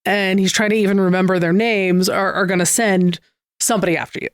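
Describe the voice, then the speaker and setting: A co-host walks through a comic plot in a loose, relaxed way, with plenty of fillers along the way. The voice sits at a middle pitch. The recording is dry and close-miked. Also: a little fast, no echo. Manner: relaxed recapping, many fillers like "like". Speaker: podcast co-host. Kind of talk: casual comic book chat.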